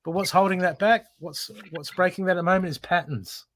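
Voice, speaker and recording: A man's voice: high-pitched, brisk. Male host for a spiritual reading show. He is blunt, repetitive and drops the odd swear, with a noisy background. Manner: emphatic, repetitive, casually swearing. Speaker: intuitive card reader and show host. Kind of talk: live spiritual card reading. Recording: steady background noise.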